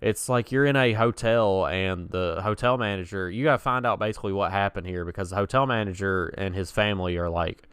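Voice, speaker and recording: Young male podcast co-host, low-ish smooth voice, dry close mic, chatty storyteller. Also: a little fast, few pauses, fairly bright tone, dry recording. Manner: chatty storyteller, laughs at own stories. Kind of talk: casual podcast chat.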